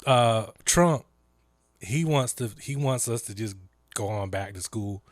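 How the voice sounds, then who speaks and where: A man's voice: on the low side, expressive, a little slow, no echo, studio quality. A man hosting a live stream, telling stories animatedly with lots of fillers and impressions. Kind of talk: casual chat.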